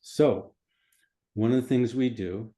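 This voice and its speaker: A man, a physician, explaining his methods in an interview in a calm, methodical way, often repeating phrases. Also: medium pitch, slow.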